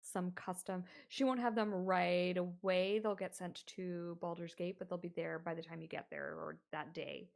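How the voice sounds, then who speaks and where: A woman narrating as game master of a tabletop game in a relaxed, hesitant way. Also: on the low side, moderate pace, creaky, hardly any pauses.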